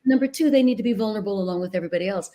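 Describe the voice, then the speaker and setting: A woman dialect coach talking in a casual interview, earnest and animated as she tells stories, over a video call mic. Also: mid-range voice, rapid-fire. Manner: animated, earnest storyteller with sudden bursts of laughter. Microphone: video call microphone.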